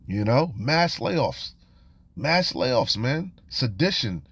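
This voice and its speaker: A man's voice: on the high side, sing-song, a little slow, husky, no room sound. A man teaching from scripture in a casual, streetwise way, reading verses aloud and commenting with frequent "you know" and "man". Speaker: preacher.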